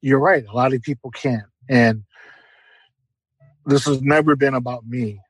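A man's voice: medium pitch, unhurried, husky, dry recording, rough recording. A middle-aged man giving an earnest, heartfelt personal testimony as an interview guest, repeating phrases for emphasis.

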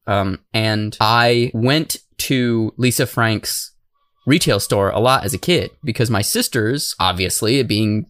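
A man's voice: lowish voice, slow, fairly bright tone, no room sound. Guy from tucson on a podcast, telling a story, acts out voices, dry close sound. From Tucson, Arizona. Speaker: podcast co-host. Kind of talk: casual storytelling chat.

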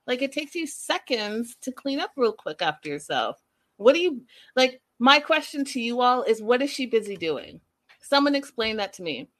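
A woman's voice: a little high, very animated, normal speed, fairly bright tone. A woman giving an opinionated, sassy recap of a reality show, talking straight to her viewers. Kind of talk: casual reality TV recap commentary.

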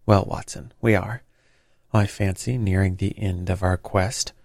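A man voicing a confident detective who speaks in a crisp, assured, bland manner. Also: deep voice, steady tone, measured pace, darkish tone, dry recording, clean studio sound, heavily acted. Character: brisk, confident male detective, bland and knowing.

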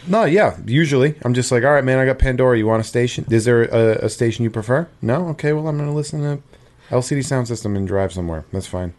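A man who talks quickly in a casual podcast chat. He jokes and teases, slipping into quoted dialogue as he tells stories. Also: medium pitch, darkish tone. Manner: joking, teasing, quotes people in dialogue. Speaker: podcast co-host.

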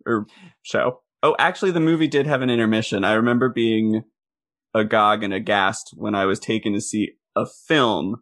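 A man's voice: lowish voice, steady tone, normal speed, fairly bright tone. A man co-hosting a casual movie podcast, cracking jokes and slipping into silly voices for the characters. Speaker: podcast co-host. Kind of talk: casual movie-recap chat.

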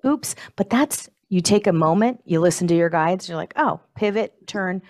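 Woman, slightly low voice, host, encouraging, reflective tone. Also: normal speed, darkish tone. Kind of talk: casual conversation.

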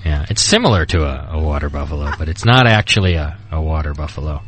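A man's voice: rumbling low, lively intonation, quick pace, heavy background noise. A man hosting a radio call-in show, joking with his co-hosts and laughing often. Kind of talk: casual radio banter.

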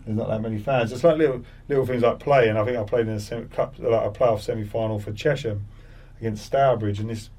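A man's voice: lowish voice, fairly even intonation, fairly quick, few pauses, warm tone, distant mic. A middle-aged man, a former footballer, telling stories in a casual interview and acting out crowd taunts with a rising voice. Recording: voice set back from the mic.

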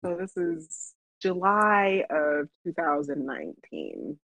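A deep, creaky female voice speaks slowly on a dry, dull lo-fi recording. She co-hosts a podcast in Las Vegas, telling a story in casual conversation with frequent laughter and extra animation whenever she quotes herself.

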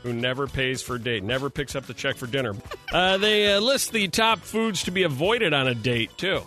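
A man's voice: medium pitch, lively intonation, normal speed, sharp tone, faint music behind. A man hosting a morning radio show, teasing his co-hosts and quizzing them in casual banter.

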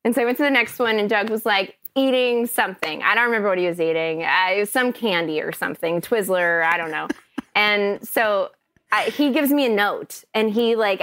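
A woman from Kentucky, an actress guest on a podcast, telling a story in an animated, chatty way. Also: medium pitch, dry recording. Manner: chatty, animated, often laughing.

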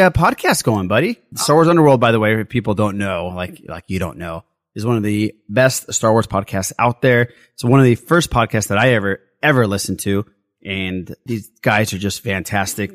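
A man's voice: fairly low pitch, no room sound, clean studio sound. A man hosting a casual podcast chat, upbeat and effusive, joking with his guests. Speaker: podcast host.

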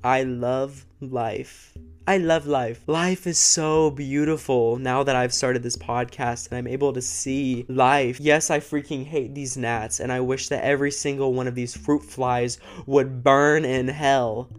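A man's voice: mid-range voice, fairly even intonation, measured pace, hardly any pauses. A young man hosting a true crime podcast, talking casually and earnestly to camera, emotional and a bit sick, laughing between thoughts, close to the microphone. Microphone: close studio microphone.

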